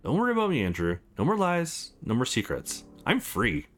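A man voicing a sly middle-aged woman in a visual novel, coolly dismissive and teasing, read in his own low-key voice. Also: wildly swooping pitch, moderate pace, fairly bright tone, a little hiss or hum.

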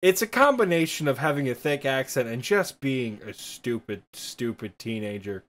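A man's voice: mid-range voice, lively intonation, a bit bright. Michigan-accented man chatting casually. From Midwestern United States. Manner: rambling, self-deprecating, quick bursts with fillers. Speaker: podcast co-host. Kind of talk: casual chat.

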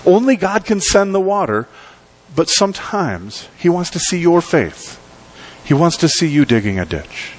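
A male pastor preaching a sermon in a conversational, emphatic way, with dramatic pauses. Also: fairly high pitch, sing-song.

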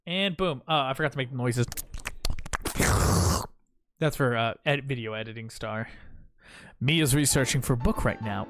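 A man's voice: mid-range voice, normal speed, long pauses, a bit bright, a little hiss or hum. A man streaming a video game live, goofing around and talking to himself and his chat. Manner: goofy, talks to himself and chat. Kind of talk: live gameplay commentary.

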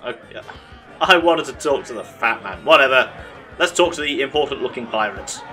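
A man with a very bright, forward voice chats through a game with dry sarcasm. Faint game music plays behind him. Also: mid-range voice, lively intonation, normal speed. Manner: chatty, sarcastic, laughs at his own mishaps. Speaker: let's play host. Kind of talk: casual gameplay commentary.

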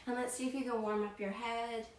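A woman's voice: fairly high pitch, flat delivery, fairly quick, far from the mic. A woman storyteller who leads a playful, interactive show for children, talking straight to young viewers at home. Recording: echoey room, voice heard from off-mic, faint background hiss.

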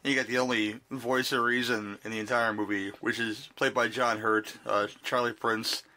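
A man's voice: mid-range voice, flat delivery, normal speed, sharp tone. A man co-hosting a podcast, chatting casually about a movie, rambling with frequent restarts. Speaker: podcast co-host. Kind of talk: casual movie-discussion chat.

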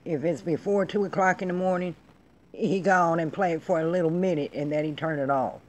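A woman's voice: fairly low pitch, fairly quick, slight background noise. A middle-aged woman hosting her own vlog, delivering a blunt, profane, emphatic rant in casual talk. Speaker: vlog host. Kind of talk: casual ranting monologue.

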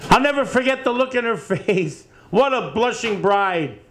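Brash high-voiced man in his fifties. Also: lively intonation, a bit bright, a little hiss or hum. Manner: brash, profane, rapid-fire joking with the crowd. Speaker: stand-up comedian. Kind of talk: stand-up routine. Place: bar with live audience. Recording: live bar set with crowd laughing. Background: crowd laughter.

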